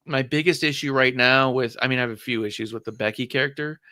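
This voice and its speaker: A woman's voice: a bass voice, fast talker, bright, forceful tone. A woman co-hosting a podcast, bluntly giving her opinions with heavy swearing. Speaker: podcast co-host. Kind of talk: casual chat and opinion.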